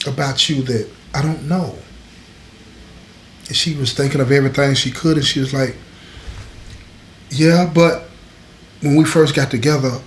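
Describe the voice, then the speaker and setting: A man's voice: medium pitch, a little hiss or hum. Man telling a story in an echoey room. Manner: conversational, street slang. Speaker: host. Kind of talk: casual storytelling.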